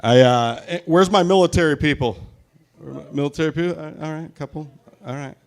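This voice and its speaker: A man's voice: fairly high pitch, fairly quick. A man in his forties from Tacoma, doing a crude, self-mocking stand-up set live at a brewery into a stage mic. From Tacoma, Washington, US. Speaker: stand-up comedian.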